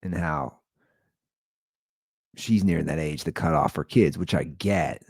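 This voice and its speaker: A man in his forties hosting a show, telling a comedic story in a rambling, animated way, full of "like.". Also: very deep voice, a little slow, creaky, slightly rough, no room sound, clean studio sound. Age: 40s. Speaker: podcast host.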